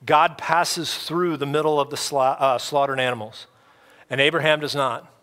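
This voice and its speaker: Male pastor, sermon delivery, slightly high and bright, relaxed conversational preaching. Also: moderate pace. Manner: casual, conversational preaching with playful quoted voices. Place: church.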